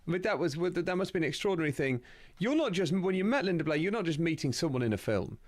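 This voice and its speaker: A man's voice: fairly high pitch, animated, fast talker. A man interviewing a guest, prompting him with curious follow-up questions in a conversational way.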